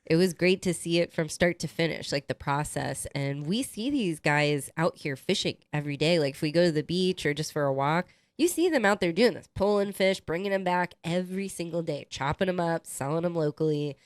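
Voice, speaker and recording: Woman in her thirties, low voice, very lively pitch, animated podcast co-host, dry sound. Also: brisk, hardly any pauses, no room sound. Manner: animated, chimes in, acts out quotes. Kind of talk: casual chat.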